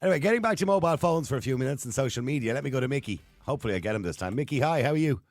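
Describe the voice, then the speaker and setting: An Irish man hosting a radio phone-in, chatting quickly and readily with callers. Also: medium pitch, dry recording. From Ireland. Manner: animated, talks fast and quickly takes calls. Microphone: studio mic.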